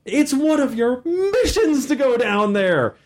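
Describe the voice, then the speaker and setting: A man hosting a podcast in casual chat, animated as he tells stories of running a game and acts out his players. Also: extremely high pitch, takes it slowly. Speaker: podcast host and game master.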